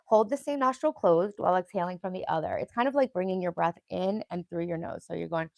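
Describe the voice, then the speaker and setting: A woman's voice: lowish voice, animated, fairly quick, gravelly, darkish tone, dry recording, studio quality. A young woman hosting a casual livestream, chatting in a rambling way and answering viewers' comments. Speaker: livestream host.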